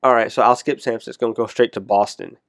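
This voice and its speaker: A man's voice: medium pitch, fairly even intonation, fast, creaky, a bit bright, no echo. Casual chatty man, dry sound. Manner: chatty, rambling, self-correcting. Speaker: conversation partner. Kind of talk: casual chat.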